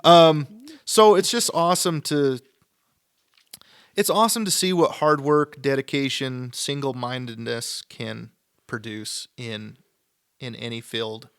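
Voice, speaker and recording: A man's voice: mid-range voice, a little slow, a bit bright, clear, resonant tone. A man from Idaho, a sculptor telling stories on a podcast in a rambling, enthusiastic way, full of "like" and quoted back-and-forth. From Idaho, USA. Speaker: guest sculptor. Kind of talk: casual podcast storytelling. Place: podcast studio.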